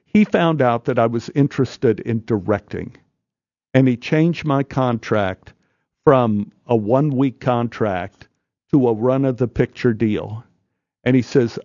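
A man as a studio guest telling a story in an animated way, restarting phrases and acting out the people in it. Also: mid-range voice, dry recording, muffled recording. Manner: halting, restarts phrases, acts out quoted voices.

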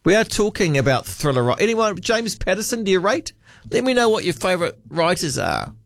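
Talkback host, Kiwi man, lively up-and-down voice, dry close studio sound. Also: high-pitched, fairly quick, vocal fry, no room sound. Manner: musing, chatty, reads out listener texts. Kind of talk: casual late-night radio chat. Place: radio studio.

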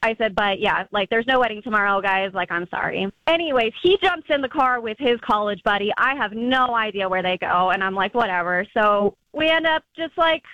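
A woman's voice: mid-range voice, expressive, brisk, few pauses, bright, forceful tone, no echo, highs cut off. A young adult woman calling in to a radio show, telling a personal story in a casual, chatty way with many fillers and acted-out quotes. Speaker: caller.

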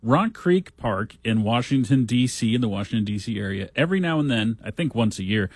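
A man's voice: mid-range voice, animated, fairly quick, dry recording. A man hosting a talk show, reading news stories aloud with wry, sarcastic asides in a casual commentary style.

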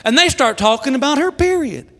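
Middle-aged male comic, high bright voice, shouts punchlines, live club noise. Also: brisk. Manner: animated storytelling, shouting punchlines. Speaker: stand-up comedian. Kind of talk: stand-up routine. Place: comedy stage with a laughing audience. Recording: live room with crowd and noise.

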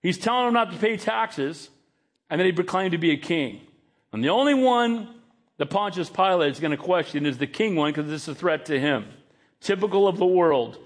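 A male pastor preaching a sermon, emphatic and acting out quoted dialogue. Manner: emphatic, acts out quoted dialogue with rising pitch.

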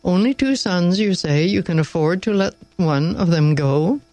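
A man voicing an aloof, ironic aristocratic abbot who speaks in an educated, measured way in a storybook reading. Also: sits high, lively intonation, a little mellow, no echo. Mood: probing.

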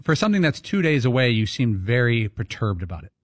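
A man on a radio show crew, stumbling and halting over his words in casual banter. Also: medium pitch, sing-song, no echo, clean studio sound. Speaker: show regular.

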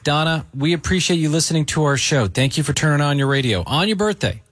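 Lively higher-voiced male radio host. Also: no echo. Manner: lively, teasing, quick banter. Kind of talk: upbeat morning radio chat.

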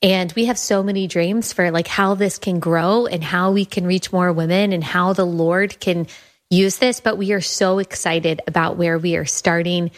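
A woman's voice: fairly low pitch, fairly even intonation, moderate pace. A young adult woman hosting her show, talking earnestly and enthusiastically and often restarting her phrases. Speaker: podcast host presenting her app. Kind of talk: casual talk.

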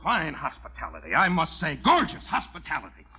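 A man's voice: a little high, huge pitch swings, a little fast, husky, exaggerated voice. A man playing a hot-tempered, broke rancher in an old film, blustering. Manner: blustering, ranting, mock-pathetic. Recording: dull old film soundtrack.

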